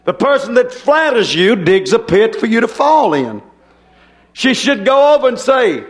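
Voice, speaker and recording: A man's voice: very high voice, sing-song, normal speed. A man preaching a sermon in a folksy, emphatic way, often turning to the congregation with rhetorical questions.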